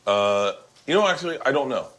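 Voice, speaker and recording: A man's voice: mid-range voice, very animated, fairly quick, a bit bright. A man hosting a casual podcast chat in a kitchen, telling jokey stories with lots of swearing. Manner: profane, joking storyteller.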